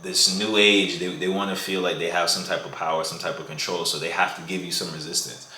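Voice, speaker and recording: A man's voice: low-pitched, flat delivery, fairly quick, bright, forceful tone. A young man giving casual dating advice in a vlog, talking in slang and calling the listener "bro". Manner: slangy, says "bro" a lot. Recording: echoey room.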